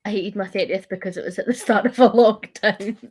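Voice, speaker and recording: A woman's voice: medium pitch, fairly quick, a little mellow, husky. Teasing woman in her thirties. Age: 30s. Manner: teasing, laughs through her words. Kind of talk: casual chat.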